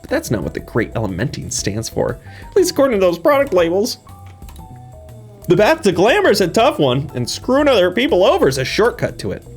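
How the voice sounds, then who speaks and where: A man's voice: high voice, huge pitch swings, brisk, husky, soft background music, full character voice. A man voicing a blunt, loyal male companion in a game playthrough. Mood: resolute.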